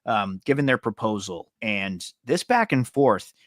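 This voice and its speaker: A man hosting a casual sports podcast, talking in a relaxed, easygoing way. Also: lowish voice, a little slow, no echo, studio quality. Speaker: podcast host.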